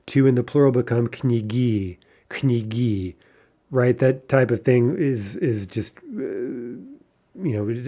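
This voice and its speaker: A man teaching an online language grammar lesson, explaining patterns step by step, often checking in with "right?" and trailing off into quieter asides. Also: mid-range voice.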